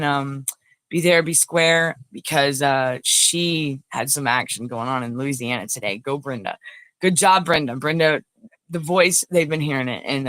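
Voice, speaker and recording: A woman's voice: low voice, a bit bright, dry recording. Chatty woman livestream host. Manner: chatty, rambling, addresses viewers as y'all. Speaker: talk show host. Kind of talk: casual livestream sign-off.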